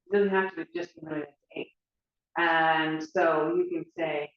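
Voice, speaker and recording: A woman's voice: lowish voice, steady tone, a little slow, distant mic. A woman teaching dance, talking casually with lots of fillers and everyday examples. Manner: chatty, filler-heavy, explains with examples. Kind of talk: casual instructional talk. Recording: echoey room, dull lo-fi sound.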